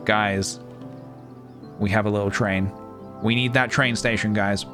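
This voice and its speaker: A young man chatting casually to his live-stream viewers as he plays a game, playful and chatty, with sudden excited squeals. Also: on the low side, slow pace, long pauses. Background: faint game music.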